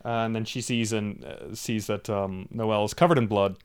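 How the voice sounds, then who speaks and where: A man's voice: lowish voice, fairly even intonation, moderate pace, clear, resonant tone. A man co-hosting a podcast, chatting casually about a movie and joking along as he goes. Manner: amused, chatty, jumps in with jokes. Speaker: podcast co-host. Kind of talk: casual movie recap chat.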